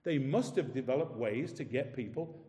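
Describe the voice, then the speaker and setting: Preacher in an echoing church. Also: male voice, mid-range voice, expressive, mellow. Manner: emphatic, asks rhetorical questions, slows down on scripture. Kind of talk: sermon. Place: church hall. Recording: echoey hall with long reverb.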